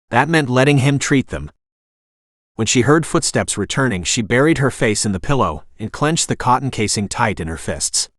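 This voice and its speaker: A synthetic male text-to-speech voice doing scripted audiobook narration, with an expressive reading. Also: medium pitch, dry recording, studio quality.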